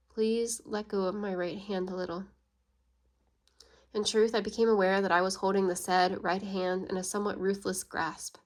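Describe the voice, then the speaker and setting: A woman reading a classic novel aloud in an even, measured way, giving the quoted lines only a light touch of voice. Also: medium pitch. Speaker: audiobook reader.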